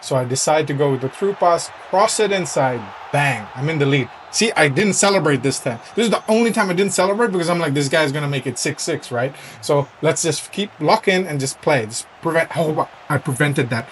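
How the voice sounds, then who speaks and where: A man giving an animated voice-over commentary on his own football video game match, breaking into excited shouts at the big plays. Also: fairly high pitch, fairly quick, few pauses, a little hiss or hum. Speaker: gaming YouTuber.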